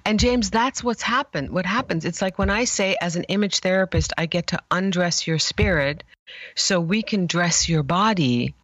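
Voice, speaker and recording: A woman image therapist, a guest in an interview, telling stories passionately with emphatic pauses. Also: on the low side, fairly bright tone, no echo, lo-fi sound. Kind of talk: emotional storytelling interview.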